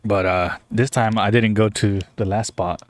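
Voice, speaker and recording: A young man, co-hosting a casual podcast over beers and cigars, relaxed and swearing a lot. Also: lowish voice, moderate pace, dry recording. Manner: laid-back, swears often. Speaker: podcast co-host.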